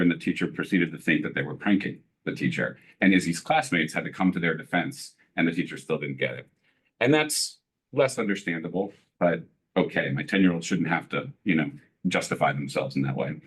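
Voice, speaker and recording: Earnest deep-voiced father, halting. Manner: earnest, halting with many fillers and restarts. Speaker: parent giving public comment. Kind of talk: emotional public comment at a meeting. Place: school board committee meeting room.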